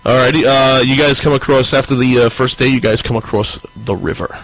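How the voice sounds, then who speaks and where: A man narrating a tabletop game as dungeon master, halting and repeating words, often laughing. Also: mid-range voice, a bit bright, rough recording.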